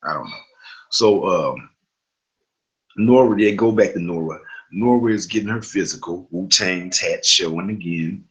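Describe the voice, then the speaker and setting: Deep-voiced man casually recapping a show. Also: a little slow, pauses often, fairly bright tone, rough recording. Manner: chatty, loose storytelling with fillers and asides. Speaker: TV recap host.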